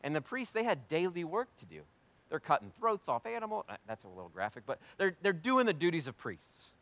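A male pastor preaching a sermon, swinging between hushed and loud delivery and asking rhetorical questions he answers himself. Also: a little high, wildly swooping pitch, brisk.

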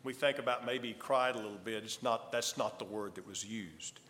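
A man preaching a sermon as a pastor, emphatic and dramatic, swinging between loud declarations and hushed lines. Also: lowish voice, moderate pace. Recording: long hall reverb.

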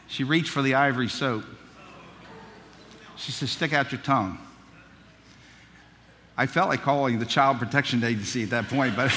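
A man's voice: medium pitch, sharp tone, big-room sound, slight background noise. A man preaching a sermon, telling childhood stories in a folksy, humorous way. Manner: folksy storytelling, humorous asides.

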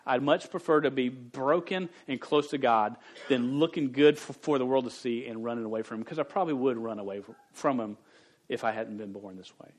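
A man's voice: medium pitch, a little fast. A man in his forties preaching a sermon to youth, earnest and candid, speaking with a stutter that repeats syllables. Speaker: youth pastor.

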